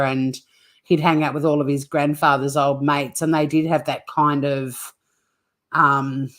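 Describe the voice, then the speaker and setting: A woman hosting a livestream, rambling in casual chat with viewers and swearing freely. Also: low voice. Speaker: livestream host.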